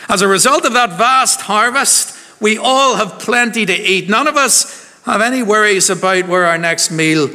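Minister, fairly high voice, playful, quizzing his flock, in a reverberant church. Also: moderate pace, sharp tone. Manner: chatty, jokey, quizzing the congregation. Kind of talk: harvest service sermon.

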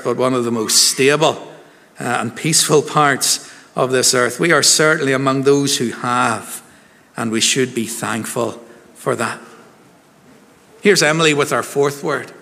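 Man, minister, bright voice, joking with the congregation, long church reverb. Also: mid-range voice. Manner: chatty, jokey, quizzing the congregation. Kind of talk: harvest service sermon.

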